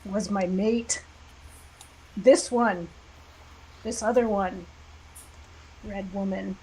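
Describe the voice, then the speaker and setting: A tusked warrior woman growls short, broken threats in a gravelly, unhurried voice, as a woman puts her on. There is a faint background hum in her home recording. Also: medium pitch, fairly even intonation, mellow, low-quality recording. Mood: menacing. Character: raging tusked warrior woman, blunt and menacing.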